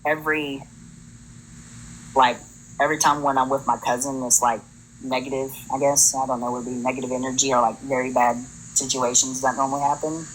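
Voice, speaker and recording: A man's voice: medium pitch, level tone, brisk, a bit bright, a little hiss or hum, poor audio. A man on a live call telling a personal story in a hesitant way, full of fillers. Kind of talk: casual storytelling.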